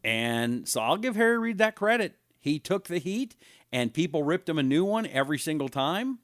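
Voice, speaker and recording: A man's voice: on the high side, sing-song, moderate pace, no echo, clean studio sound. A middle-aged man hosting a live talk show, telling anecdotes in a chatty way and reading viewer comments aloud. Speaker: radio talk show host.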